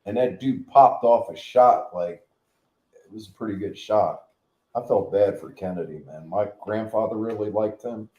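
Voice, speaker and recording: A man's voice: lowish voice, moderate pace, a little mellow. A middle-aged man hosting a channel, ranting in a blunt, profane, rambling way. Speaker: channel host. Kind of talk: casual rant. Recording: echoey room.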